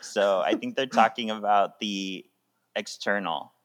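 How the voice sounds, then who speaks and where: A man's voice: on the low side, measured pace, fairly bright tone. A man co-hosting a podcast in casual chat, upbeat and laughing often. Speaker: podcast co-host.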